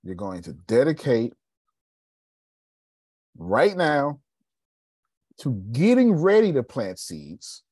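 A man's voice: medium pitch, wildly swooping pitch, takes it slowly, long pauses, a little mellow, husky, no room sound, studio quality. A man from Texas leading a group call, telling stories and preaching motivation with strong emphasis. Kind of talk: motivational talk.

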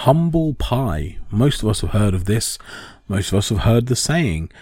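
A man's voice: on the low side, big pitch swings, moderate pace, darkish tone, dry recording, clean studio sound. A man explaining in a casual, rambling talk with many ums and restarts.

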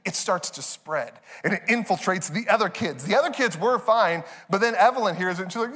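A man preaches in a lively storytelling style. His voice sits fairly high, and he slips into his kids' voices with bursts of laughter. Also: quick pace, hardly any pauses, big-room sound. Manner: animated, acts out his kids in high voices, laughs often. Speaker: pastor. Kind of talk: storytelling sermon. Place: church stage.

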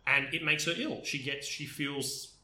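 A man's voice: fairly high pitch, a little slow, pushed and bright. A man co-hosting a casual chat about games, telling stories with enthusiasm and lots of fillers. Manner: enthusiastic, storytelling with many fillers. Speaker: podcast co-host. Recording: roomy echo.

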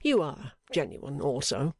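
A man voicing an airy, cynical gentleman painter who talks with breezy enthusiasm. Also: mid-range voice, very animated, a little slow, husky, dry recording, heavily acted. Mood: airy, mocking.

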